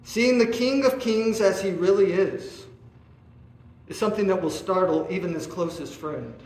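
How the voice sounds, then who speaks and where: A man preaching a sermon, asking his listeners rhetorical questions and often pausing on "uh". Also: high voice, a little mellow. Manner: asks the listeners rhetorical questions, with many "uh" fillers. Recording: echoey room.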